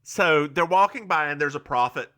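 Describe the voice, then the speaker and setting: A man's voice: on the high side, normal speed, sharp tone. A male podcast co-host in campy, giggly casual chat, recapping a TV episode scene by scene. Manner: campy, giggly, recounts scenes with quoted bits.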